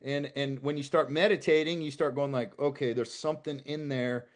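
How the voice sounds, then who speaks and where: A man speaking as a podcast guest, fervent and blunt, cursing as he makes his points. His voice sits somewhat high for a man. He swings from quiet musing to loud, emphatic declarations. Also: steady tone, moderate pace. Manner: impassioned, swears freely, rising to emphatic outbursts. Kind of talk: casual podcast chat.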